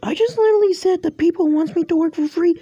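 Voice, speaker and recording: A woman's voice: extremely high pitch, fast, dark tone, dry recording, muffled recording. A woman voicing a cheerful young male cartoon cat who tinkers with inventions, upbeat and encouraging with his friends. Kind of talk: fan voice clips of a cartoon character.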